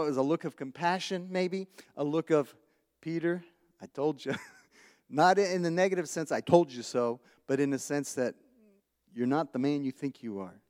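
A man's voice: a little high, darkish tone. A man preaching a conversational sermon, chuckling often, repeating words as he thinks, and asking the congregation questions. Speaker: pastor. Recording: long hall reverb.

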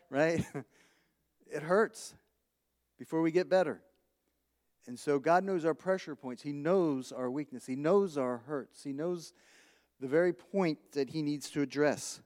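A man's voice: on the high side, measured pace, pauses often, a little mellow. A man preaching a conversational sermon, chuckling often, repeating words as he thinks, and asking the congregation questions. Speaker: pastor. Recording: long hall reverb.

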